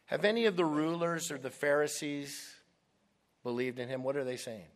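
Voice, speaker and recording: A man preaching a sermon as pastor, delivering emphatic, deliberate lines with dramatic stresses. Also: on the high side, long reverb tail.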